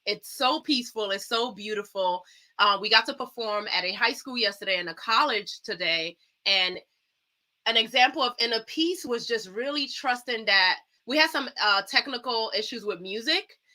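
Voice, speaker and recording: A woman's voice: on the high side, lively intonation, moderate pace, sharp tone. A woman guest, a dancer, talking in an earnest, uplifting way and telling stories with animation on a talk series. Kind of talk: casual talk show chat.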